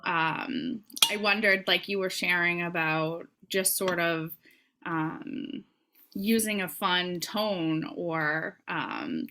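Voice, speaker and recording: A woman's voice: lowish voice, slow pace, sharp tone, slight background noise. A woman guest on a podcast who runs a small business, talking in a hesitant, thoughtful way with many fillers. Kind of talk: casual conversational chat.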